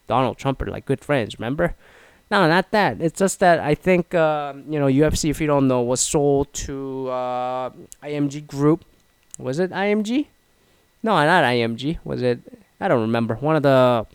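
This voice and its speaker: A man's voice: medium pitch, clean tone, no echo. A man talking casually in an opinion monologue, rambling with many fillers and restarts. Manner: rambling, lots of "you know" fillers and restarts; animated when quoting others.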